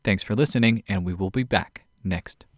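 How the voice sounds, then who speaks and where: A man hosting an odd news podcast, reading short stories from a script and reading quotes aloud in a measured way. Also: on the low side. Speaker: podcast host.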